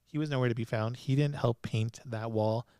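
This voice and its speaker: A man's voice: medium pitch, steady tone, normal speed, darkish tone, clear, resonant tone, dry recording, clean studio sound. A young man hosting a solo podcast, chatting casually and laughing often as he recaps episodes. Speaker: podcast host.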